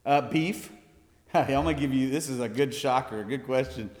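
A man's voice: mid-range voice, a little fast, a little mellow. A man from the United States, a missionary, speaking earnestly and folksily to a church congregation, laughing often. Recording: long hall reverb.

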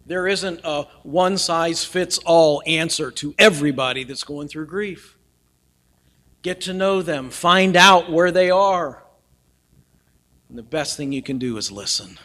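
A pastor delivers his sermon in a high, ringing voice. He is earnest and shifts between loud emphasis and hushed, near-whispered lines. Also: unhurried.

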